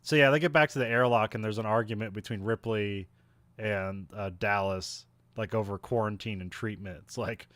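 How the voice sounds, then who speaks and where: A man's voice: fairly low pitch, moderate pace, a bit bright, no echo. A man co-hosting a podcast, recapping a film in casual chat, laughing often and trailing off mid-sentence.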